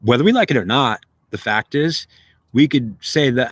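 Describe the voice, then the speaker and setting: A man hosting a spiritual monologue, talking in an emphatic, rambling way and sometimes arguing with himself. His voice sits at a middle pitch. The sound is dry and close. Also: sing-song, moderate pace, a bit bright, husky, dry recording. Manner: rambling, emphatic, self-dialogue. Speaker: video host.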